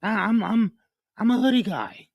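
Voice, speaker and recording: A man's voice: sits high, expressive, normal speed, gravelly, no echo, studio quality. A young man hosting a casual livestream, reading out viewers' names and joking, cursing and breaking off with "hold on". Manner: loose and joking, reads out chat names and comments; swears casually, breaks off with 'hold on'. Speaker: livestream host.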